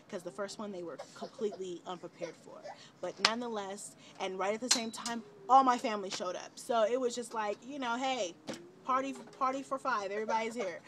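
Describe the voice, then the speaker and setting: A young woman casually recounting a personal story on a home video, chatty and relaxed, with many fillers and quoted lines. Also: lowish voice, noisy background. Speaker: vlogger, mother of twins.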